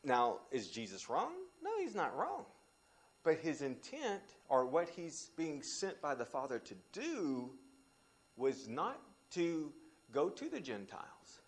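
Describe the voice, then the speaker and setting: A man teaching a Bible study, talking in an animated way with restarts and sudden rises when he quotes scripture. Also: slow pace. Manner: animated, frequent restarts, pitch jumps when quoting scripture.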